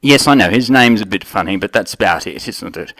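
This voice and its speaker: A man's voice: fairly low pitch, animated, brisk, a bit bright, no room sound, low-quality recording. A man with an Australian accent hosts a mock talk show in a rambling way, full of fillers and trailing sentences. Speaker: host.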